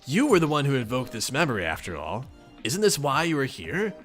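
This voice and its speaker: A man's voice: mid-range voice, wildly swooping pitch, a little fast, fairly bright tone, soft background music. A man doing a chatty know-it-all troll woman. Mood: calm, knowing. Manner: precise, properly enunciated, upbeat. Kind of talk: reading a webcomic aloud in voices.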